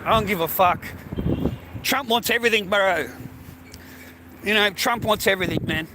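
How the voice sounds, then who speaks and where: An Australian vlogger with a high-pitched voice and moderate pace walks outdoors along a street and path, holding his phone for a ranting monologue. He's rambling and profane, calling everyone mate and bro, with loud traffic and street noise in the background.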